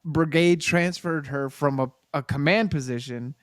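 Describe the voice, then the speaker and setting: A man who served in the Army, co-hosting a casual chat and telling an animated, profane story. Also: fairly high pitch, unhurried, dry recording, clean studio sound. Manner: animated storyteller, profane, acts out quoted people. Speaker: podcast co-host, Army veteran.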